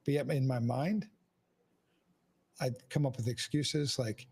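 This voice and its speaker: A man's voice: medium pitch, moderate pace, gravelly, darkish tone, husky. A man hosting a podcast, talking frankly and casually, swearing often and restarting his sentences. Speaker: podcast host. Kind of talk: candid casual conversation.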